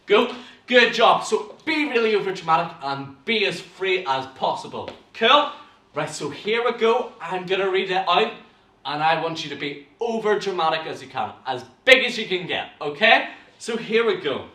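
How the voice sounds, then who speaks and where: Lively, theatrical Northern Irish drama teacher in an echoey room. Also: male voice, sits high, moderate pace, distant mic. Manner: animated and theatrical, with gasps and sudden bursts. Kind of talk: online acting class, addressing viewers.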